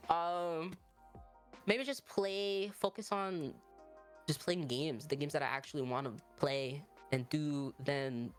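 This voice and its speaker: Low-voiced giggly woman rambling. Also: fairly even intonation, slow, soft background music. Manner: rambling, giggly, full of likes and ums. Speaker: guest streamer. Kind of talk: casual interview chat.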